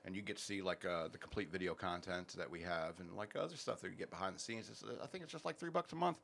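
A man's voice: low voice, fast, vocal fry, fairly bright tone. A man hosting a casual podcast, rambling and joking through sponsor reads with plenty of fillers. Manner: rambling, jokey, many fillers. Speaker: podcast host.

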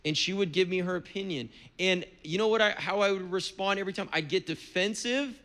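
A man's voice: high voice, a little fast, fairly bright tone. A middle-aged man, a pastor, preaching a sermon in an earnest, conversational way with touches of humor.

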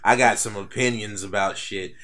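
Young male podcast co-host, low-pitched, relaxed and profane. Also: normal speed. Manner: laid-back, swears freely. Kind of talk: casual chat.

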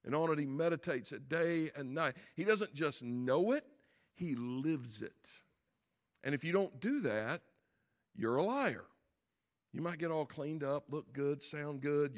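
A man's voice: fairly high pitch, fairly bright tone. A middle-aged man, a pastor, preaching a sermon in a conversational way, asking the audience questions and building to emphatic peaks.

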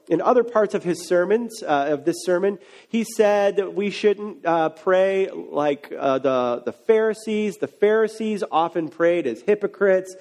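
A man with a notably high voice gives a relaxed, conversational sermon as a pastor. He talks like he's chatting with friends, then leans into short, emphatic questions and answers. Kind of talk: casual sermon.

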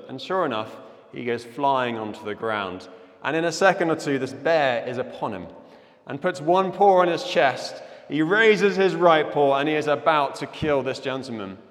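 A man's voice: a little high, a bit bright, in a large hall. A man preaching a casual, chatty, self-deprecating sermon as a pastor. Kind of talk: sermon with prayer and a joke. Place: church hall.

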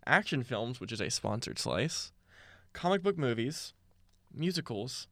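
A young man hosting a casual movie trivia game, reading questions slowly and deliberately. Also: medium pitch, big pitch swings, fairly bright tone, no room sound, studio quality. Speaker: quiz host.

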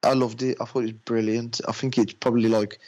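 A man's voice: medium pitch, level tone, darkish tone, poor audio. A man in casual chat about films he has watched, chatty and loose, acting out little anecdotes. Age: adult with a daughter. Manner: chatty, uses "mate", acts out anecdotes in quick voices.

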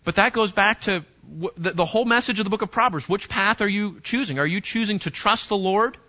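A man preaching to young people in an emphatic way, often repeating words and restarting his phrases. His voice sits high and sounds bright and forceful. The recording is dull and lo-fi. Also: brisk. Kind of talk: sermon to teenagers.

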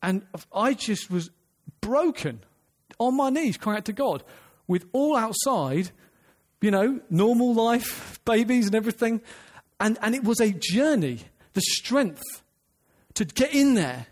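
A man's voice: high voice, lively intonation, a little slow. An earnest man preaching a sermon, emphatic, restarting phrases and asking the listeners questions.

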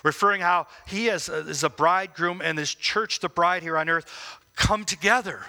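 A man giving devotional Bible teaching, emphatic, with rhetorical questions and slow, stressed phrases. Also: sits high, creaky, bright, forceful tone. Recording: long reverb as in a hall.

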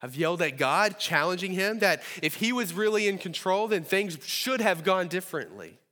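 Man, pastor preaching in a church hall; earnest, pleading lift on prayers; highish voice with long reverb. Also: big pitch swings, normal speed, bright, forceful tone. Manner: earnest, rises to pleading when voicing prayers. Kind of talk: sermon. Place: church sanctuary.

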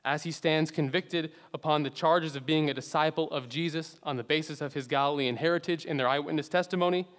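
A man preaching a sermon earnestly, swinging between loud emphatic phrases and hushed low endings. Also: fairly even intonation, a little fast, hardly any pauses. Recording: long hall reverb.

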